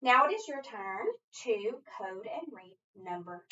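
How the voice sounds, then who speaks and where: A woman tutoring phonics, breaking each rule into small encouraging steps. Her voice is bright and clear but sits a little back from the mic, on a dull lo-fi recording. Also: fairly high pitch, animated, a little slow, recorded from a distance, a little hiss or hum. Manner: encouraging, step-by-step instruction. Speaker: reading teacher.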